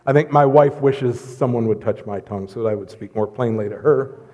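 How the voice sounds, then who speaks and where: A middle-aged man preaching a lively, joking sermon in church, swinging between loud bursts and hushed asides. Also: mid-range voice, brisk. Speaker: pastor. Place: church sanctuary. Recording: long hall reverb.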